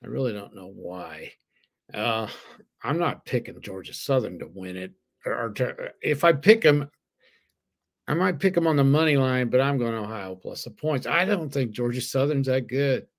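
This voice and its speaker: An easygoing man co-hosts a casual sports betting talk and thinks through his picks out loud. He hesitates with fillers and laughs at his own slips, and his voice sits at an ordinary pitch. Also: moderate pace, creaky. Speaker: sports betting podcast co-host.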